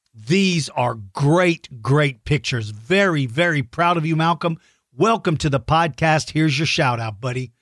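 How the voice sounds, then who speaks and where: Middle-aged guy on a kids podcast, high lively voice, bouncing around a lot, dry close sound. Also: no room sound. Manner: animated, mock-outraged shouts in play. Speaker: podcast host giving shout-outs to young listeners. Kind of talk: warm kids' podcast chat.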